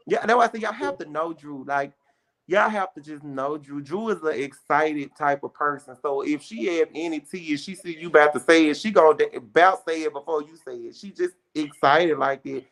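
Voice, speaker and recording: A young adult woman, a guest on a casual chat show, telling a story in an animated way with plenty of slang. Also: low voice.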